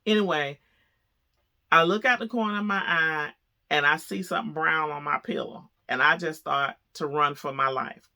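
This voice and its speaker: A woman vlogger telling a story to camera, chatty and animated, laughing as she goes. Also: sits low, normal speed.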